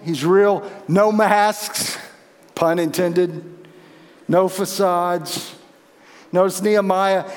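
A man preaching with a high, earnest voice. He swings from emphatic peaks to quiet intensity. The sound carries a long hall reverb. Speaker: pastor. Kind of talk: sermon.

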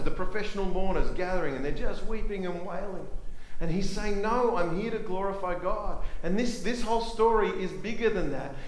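A man preaching a sermon as pastor, impassioned, swinging from emphatic to hushed and repeating rhetorical questions. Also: high voice, echoey room, slight background noise, rough recording.

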